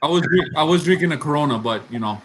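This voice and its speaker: A man's voice: fairly high pitch, animated, fast talker, background noise. A man chatting casually with friends in a teasing, joking way. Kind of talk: casual chat.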